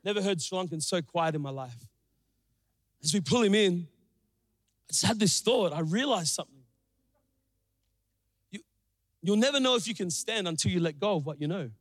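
A young man preaching a sermon, telling a story with animated, acted-out quotes. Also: moderate pace, long pauses. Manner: animated, acts out quotes with big pitch jumps. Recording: long hall reverb.

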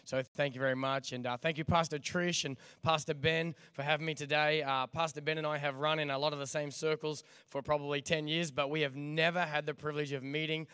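Young Australian male guest preacher, hoarse but energetic, fairly high clear voice. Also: a little fast, hardly any pauses, no room sound, clean studio sound. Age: young adult. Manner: energetic, jokey, calls out to the crowd. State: hoarse, voice nearly lost. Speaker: guest pastor. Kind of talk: church sermon.

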